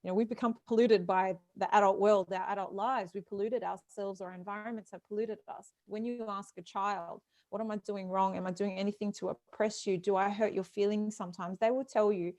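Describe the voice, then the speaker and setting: A woman's voice: mid-range voice, fairly even intonation, fairly quick, hardly any pauses, darkish tone, dry recording. Woman host on a video call, emphatic and encouraging, dry close sound. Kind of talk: moderating a live online talk.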